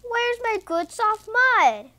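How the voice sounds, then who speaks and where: A woman's voice: very high voice, very animated, slow pace, sharp tone, voice pushed up, exaggerated voice. A woman voicing a small, mud-loving male piglet who is easily upset, with squealy exclaiming lines. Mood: eager.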